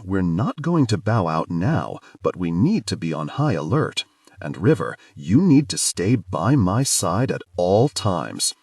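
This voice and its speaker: A man voicing a deep, growling alien fiancé. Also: sing-song, a little slow, darkish tone, dry recording, clean studio sound, heavily acted. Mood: stern. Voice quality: deep and throaty. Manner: stern, growling warnings.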